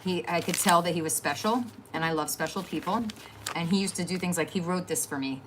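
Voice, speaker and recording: A woman's voice: on the low side, a little fast, fairly bright tone, a little hiss or hum. A middle-aged woman hosting a crafting livestream at home, rambling and chatty as she talks to viewers and trails off with fillers. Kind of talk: casual chat to live viewers.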